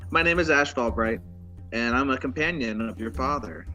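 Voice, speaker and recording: Casting: a man voicing a mocking half-elf shadow sorcerer with a bright, sharp tone. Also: mid-range voice, moderate pace, soft background music, lightly acted. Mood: sly. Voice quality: mocking, sly.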